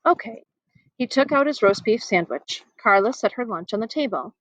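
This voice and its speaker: A woman's voice: a little high, brisk, dry recording, rough recording. Woman reading a children's novel outdoors. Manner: animated, plays character voices. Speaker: reader. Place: outdoors, windy.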